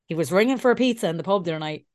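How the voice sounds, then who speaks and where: An Irish woman in her thirties co-hosts a casual podcast, talking quickly and animatedly. Her voice sits fairly low, and the recording is close and dry, with no room sound. She swears freely and acts out the lines of the people in her stories. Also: lively intonation, darkish tone, no echo. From Ireland. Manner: chatty storyteller, swears freely, acts out quotes. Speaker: podcast co-host. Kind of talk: casual chat.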